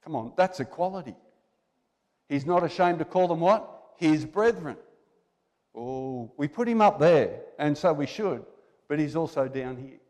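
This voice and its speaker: A man's voice: a little high, expressive, unhurried, a little mellow. A male preacher delivering a sermon in a church. He talks conversationally, exhorts his listeners and asks them rhetorical questions. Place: church hall. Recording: long reverb in a church hall.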